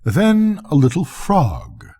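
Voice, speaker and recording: Older man reading a bedtime tale; gravelly, husky, lively intonation. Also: on the high side, slow pace. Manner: expressive, storytelling. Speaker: grandfather reading a bedtime story.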